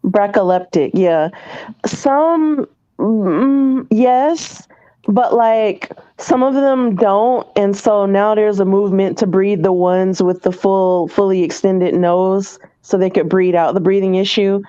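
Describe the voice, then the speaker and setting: A woman explains things in an agreeable way during a casual podcast chat. Her voice is warm and mellow, and the audio is dull and lo-fi. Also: medium pitch, takes it slowly, clear, resonant tone.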